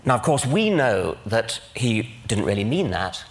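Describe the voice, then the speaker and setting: A man's voice: lowish voice, big pitch swings, a little slow. An older man with an English accent giving a public lecture in a large auditorium, speaking precisely with dry irony. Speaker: conference speaker. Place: large auditorium with live audience.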